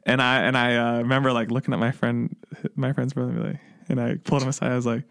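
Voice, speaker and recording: A man's voice: medium pitch, little pitch movement, fast talker, gravelly, a bit bright, clean tone. A young man from the US Midwest, a podcast co-host telling rambling stories in casual chat, laughing often.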